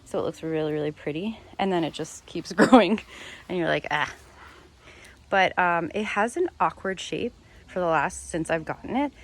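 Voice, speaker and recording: A woman's voice: fairly low pitch, expressive, moderate pace. A woman filming a casual tour of her home garden outdoors on a handheld phone. She chats freely, laughs often and corrects herself as she goes. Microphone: handheld phone camera while filming.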